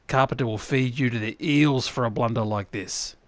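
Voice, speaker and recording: A man's voice: medium pitch, normal speed, no echo, close to an everyday voice. An actor playing a scornful, berating male thug in a game. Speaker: game character. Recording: game audio with loud background noise.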